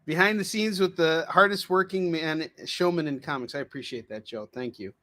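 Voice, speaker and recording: A man's voice: on the high side, normal speed, fairly bright tone. A man, a comic book artist, rambling and joking through a casual livestream Q&A. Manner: joking, rambling, laughs often. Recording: distant mic, faint background noise.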